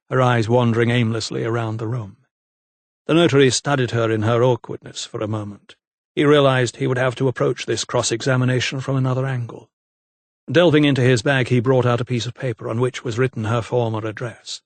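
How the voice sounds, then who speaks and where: Measured male audiobook narrator, dry close sound. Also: medium pitch, fairly even intonation, no room sound. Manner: measured, evenly paced storytelling. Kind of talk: scripted narration.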